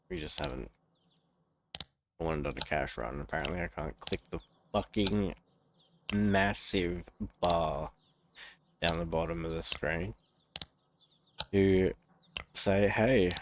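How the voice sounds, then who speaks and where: A young Australian man chats his way through a game, joking and swearing freely. His voice sits low and he talks at an unhurried pace. A faint hiss runs under the recording. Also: creaky. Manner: swears freely, laughs often, chatty and joking. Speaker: streamer. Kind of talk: casual gameplay commentary.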